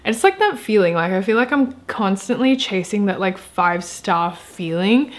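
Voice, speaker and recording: A woman's voice: medium pitch, lively intonation, normal speed. Chatty woman book vlogger. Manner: rambling, filler-heavy, enthusiastic. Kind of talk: casual chatty vlog.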